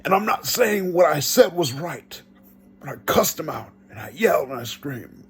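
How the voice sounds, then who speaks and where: A man giving an earnest first-person testimony, telling it slowly and reenacting his own pleas. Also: on the high side, sing-song. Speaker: vlogger.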